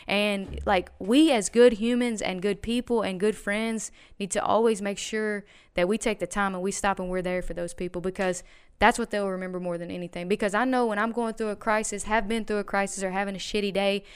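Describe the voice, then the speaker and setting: A woman with a very smooth, resonant voice tells a personal story as a podcast guest. She rambles and restarts often, then leans hard on key words. Her pitch sits mid-range for a woman. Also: fairly even intonation, brisk. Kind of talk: casual podcast chat.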